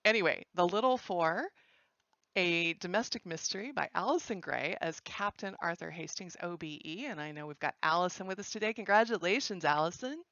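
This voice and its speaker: A woman hosting a live results stream, chatty and joking, with a low, gravelly voice. The sound is dry and a little dull, as if from a modest home mic. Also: animated, a little fast, a bit bright, dry recording. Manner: chatty, joking, self-correcting. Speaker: livestream host announcing results. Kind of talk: casual live-stream announcing.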